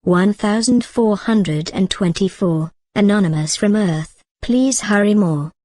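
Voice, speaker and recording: A woman giving a scripted web novel reading, working through numbered chat posts in a steady, even manner. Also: medium pitch, unhurried, dry recording. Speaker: narrator.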